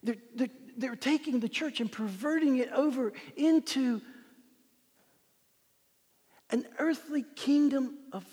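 A man preaching a sermon as pastor, swinging from loud proclamation to hushed whispers. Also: very high-pitched, normal speed, husky. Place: church sanctuary. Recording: long hall reverb.

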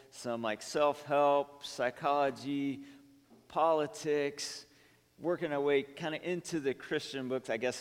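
A pastor in his thirties talks his congregation through a personal story at a mid-range pitch. He speaks loosely, with fillers and restarts. The sound carries a long reverb from the hall around him. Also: smooth. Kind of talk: sermon.

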